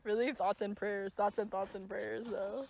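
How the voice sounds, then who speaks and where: A woman's voice: mid-range voice, little pitch movement, moderate pace, a little mellow, a little hiss or hum. A young woman from Los Angeles co-hosting a podcast, chatting casually in a rambling, jokey way full of swearing. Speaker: podcast co-host. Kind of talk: casual chat.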